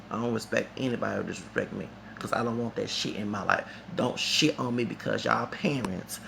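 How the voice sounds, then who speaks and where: Gravelly man ranting in a vlog. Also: on the low side, background noise. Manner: heated, rambling, profane. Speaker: vlogger. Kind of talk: ranting concert review.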